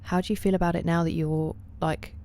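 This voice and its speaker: Woman streamer, low and warm, casual chat to viewers with frequent hushed asides. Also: level tone, fairly quick. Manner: chatty, greets and answers chat by name, often drops to soft near-whispers. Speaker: game streamer. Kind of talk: casual live-stream chat while gaming.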